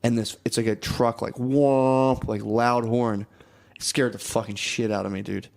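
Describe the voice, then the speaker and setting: A man's voice: mid-range voice, steady tone, unhurried, vocal fry, a little mellow. A man telling stories in a casual podcast chat, loose and profane, with lots of "dude" and "like". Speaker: podcast co-host.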